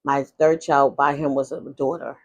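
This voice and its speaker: This woman vlogger has a bass voice with little pitch movement and speaks at a normal speed. Sharing her life story casually and candidly, she rambles, restarts a lot, and drifts into asides.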